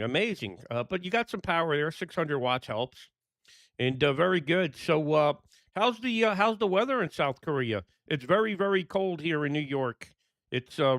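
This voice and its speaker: A man's voice: on the high side, a bit bright, dry recording, studio quality. A man, a ham radio operator, calling and chatting with an upbeat, enthusiastic manner. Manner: upbeat, enthusiastic, brisk call signs. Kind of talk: radio calls and casual chat. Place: home room in New York.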